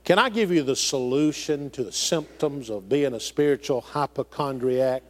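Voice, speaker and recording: A man's voice: mid-range voice, moderate pace. A middle-aged man preaching a sermon, with folksy phrasing and emphatic rises and falls. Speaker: pastor.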